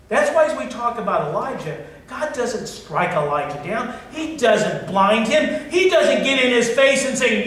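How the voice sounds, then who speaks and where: Middle-aged male pastor, high-pitched and blunt, recorded far off in an echoey church hall. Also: expressive, unhurried, few pauses. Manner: blunt, swings from loud to soft. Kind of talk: sermon. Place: church sanctuary.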